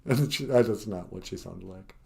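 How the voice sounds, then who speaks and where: A man's voice: deep voice, moderate pace, creaky, mellow. A man from northern Minnesota hosting a casual livestream, rambling and joking at his own expense. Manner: rambling, self-deprecating joking, full of fillers. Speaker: podcast host and cartoonist.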